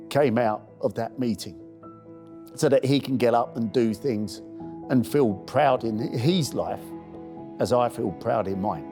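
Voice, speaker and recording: A man earnestly telling a heartfelt personal story in a documentary. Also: lowish voice. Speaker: first-aid campaigner.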